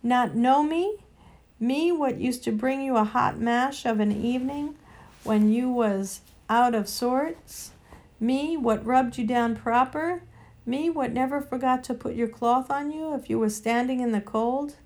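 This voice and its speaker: A woman's voice: on the high side, a little slow, a little mellow, pitched above the performer's own voice. A woman reading a storybook aloud and voicing a working-class male London cabman with blunt, homely dialect. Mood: hurt.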